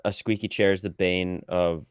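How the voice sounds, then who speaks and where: A man talking casually as a guest on a livestream, relaxed and self-deprecating. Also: low-pitched, normal speed. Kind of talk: casual chat.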